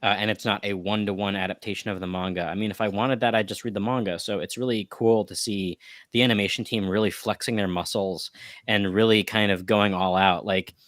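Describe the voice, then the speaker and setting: A man with a lowish voice chats loosely on a podcast panel. He hedges and circles back with many fillers. His voice sits close and dry on the mic. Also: fairly even intonation, fairly quick, fairly bright tone, no room sound. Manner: rambling, hedging with many fillers. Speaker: podcast co-host. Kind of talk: casual chat about anime.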